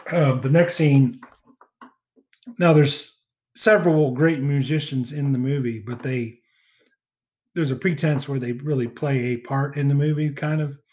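A man talking through a movie in a loose, rambling way, leaning on fillers and restarts as he goes. His pitch sits in the middle for a man, and he sounds relaxed and conversational, like a podcast co-host chatting with a friend. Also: unhurried, pauses often. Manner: rambling recap with many fillers. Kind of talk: casual film discussion.

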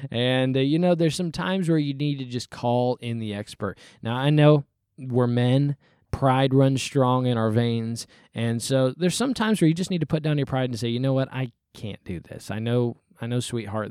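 A man's voice: a little mellow, dry recording. Folksy preaching man, dry close sound. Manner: folksy, acts out quoted excuses in a higher voice. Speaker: pastor. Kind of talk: casual sermon-style podcast talk.

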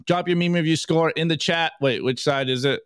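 A man's voice: on the high side, a little fast, smooth, no room sound, studio quality. A man hosting a casual live show, chatting loosely and stumbling over his words as he reads memes aloud. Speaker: podcast host. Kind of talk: casual live-stream commentary.

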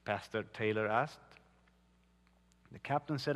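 A man preaching a sermon, telling stories earnestly with dramatic pauses. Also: on the high side, animated, a bit bright. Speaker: pastor. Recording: long hall reverb.

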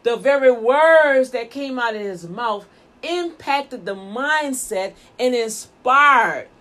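A woman's voice: fairly high pitch, expressive, takes it slowly, fairly bright tone. A woman minister and show host, preaching emphatically with rhetorical questions and repeated words. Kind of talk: preaching talk.

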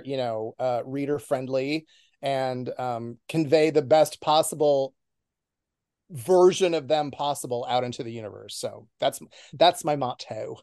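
A man's voice: fairly high pitch, darkish tone, clear, resonant tone, dry recording, clean studio sound. A middle-aged man as an interview guest, confident and wisecracking. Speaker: podcast guest. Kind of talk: casual interview chat.

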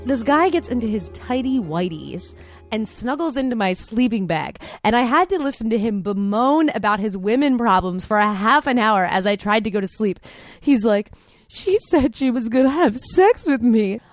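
A woman's voice: a little high, animated, normal speed, dry recording, faint music behind. A woman telling a personal anecdote in a chatty way, full of "like" and quoted asides. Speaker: storyteller.

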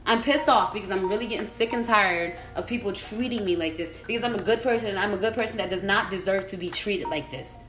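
A woman's voice: medium pitch, fast talker, few pauses. A young woman hosting her own podcast, venting in an angry rant full of swearing and repeated phrases. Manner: swears constantly, repeats herself, angry ranting. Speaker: podcast host. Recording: echoey room with faint music.

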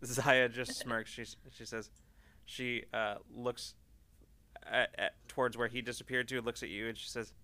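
A man narrating a tabletop game as game master in a relaxed, descriptive way. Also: mid-range voice, unhurried.

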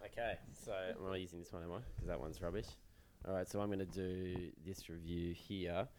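A man co-hosts a podcast in offhand, slightly mumbly casual chat. His voice is low. A faint hiss runs under him. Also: fairly even intonation, a little fast, a little mellow. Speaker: podcast co-host.

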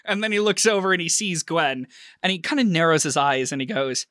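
A man narrating a tabletop role-playing game as game master, with animated, vivid description. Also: a little high, brisk, no room sound, clean studio sound.

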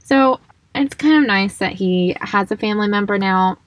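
A woman's voice: medium pitch, moderate pace, dry recording. A woman co-hosting a podcast, chatting casually about a book and laughing often. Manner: chatty, laughs often, reads passages aloud. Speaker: podcast co-host.

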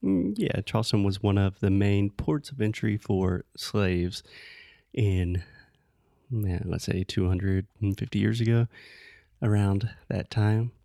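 A low, gravelly man talks in a relaxed, easy way on a podcast for English learners. He explains expressions patiently and offers gentle corrections. The sound is dry and close, with no room around it. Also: takes it slowly, dry recording. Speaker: podcast co-host. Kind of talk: casual chat teaching English.

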